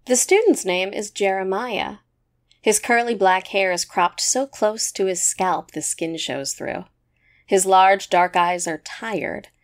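A woman narrating a short story in a measured, even storytelling manner. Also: fairly low pitch.

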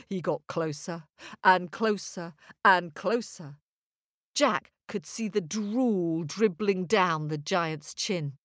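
A woman telling a children's story at a slow, deliberate pace. Her delivery is animated and sing-song. The recording is dry and close. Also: fairly low pitch, no echo.

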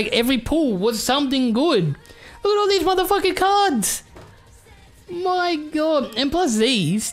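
Excitable swearing Australian guy. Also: high-pitched. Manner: excitable, swears freely, rambling. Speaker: YouTuber. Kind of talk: casual card-unboxing chat.

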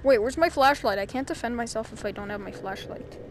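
Woman gamer, let's play commentary, jumpy, exclaiming, high voice. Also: fairly quick, slight background noise. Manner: jumpy, exclaiming, swearing now and then.

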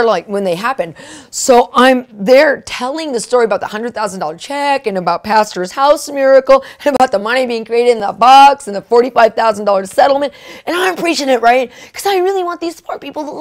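A woman preacher with a slightly high voice tells her testimony in an animated, emotional way. She keeps tossing in "right?" and "like" as she preaches. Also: fairly quick. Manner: fillers like "right?" and "like". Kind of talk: live-streamed testimony preaching.

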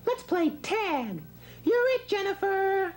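A cheeky high puppet girl. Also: sing-song, takes it slowly, darkish tone, exaggerated voice. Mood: eager. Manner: teasing, challenging.

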